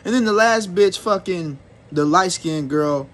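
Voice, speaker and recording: A man's voice: high voice, unhurried, a bit bright. A young man telling a rambling, profane storytime rant to his viewers. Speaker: vlogger.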